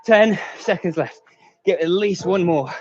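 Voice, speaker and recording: A winded male fitness coach leads a live workout, calling out counts and pushing people to keep going. His voice sits a little high and his pace is unhurried. The stream audio is dull and lo-fi. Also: no room sound. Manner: counts down reps and urges on, with short laughs. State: out of breath.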